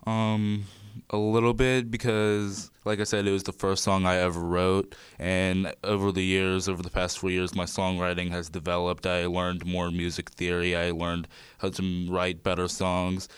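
Teen male guest, very low flat voice, clear and dry, reflective and a little hesitant. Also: normal speed, no room sound. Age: teens. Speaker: student musician guest. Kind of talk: radio interview.

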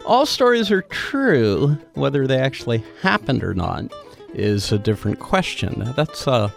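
A man's voice: mid-range voice, very animated, unhurried, vocal fry, soft background music. A man hosting a casual interview, hesitant with many fillers and restarts. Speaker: host.

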